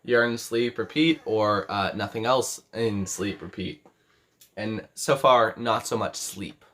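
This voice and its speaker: This crochet livestream host is an eighteen-year-old man broadcasting from his bedroom. His voice sits lowish and slow yet fairly bright, and he wanders through his talk, fixing his own slips and voicing chat messages aloud.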